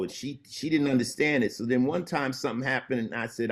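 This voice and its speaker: A man as an interview guest, telling stories in a laid-back way and dropping low and slow when he turns serious. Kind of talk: casual conversation.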